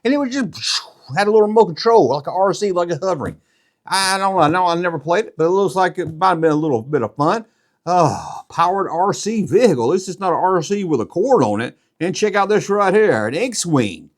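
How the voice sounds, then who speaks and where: Animated, rambling middle-aged man. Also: high voice, fairly quick. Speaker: YouTube collectibles host. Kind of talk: casual show-and-tell vlog.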